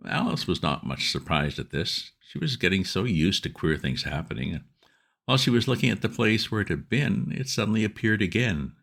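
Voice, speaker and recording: A man reading a classic storybook aloud as narrator, lively and expressive. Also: deep voice, normal speed, vocal fry.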